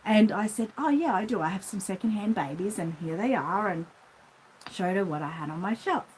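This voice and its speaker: An Australian woman in middle age tells a long, meandering story to her viewers in a relaxed vlog voice. Her pitch sits in an everyday middle range, and she slips into the voices of the people in her story. A faint hum of room sound sits underneath. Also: moderate pace, rough recording. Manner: chatty, rambling, acts out the voices in her anecdotes. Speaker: reborn doll shop owner.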